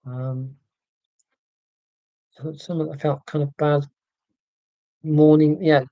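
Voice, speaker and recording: Talking casually to his live-stream viewers from home, this man in his forties wanders off topic, runs himself down, and keeps restarting his sentences. He speaks slowly in a slightly high voice that barely moves in pitch. Captured on a laptop microphone, the sound is dry and phone-like.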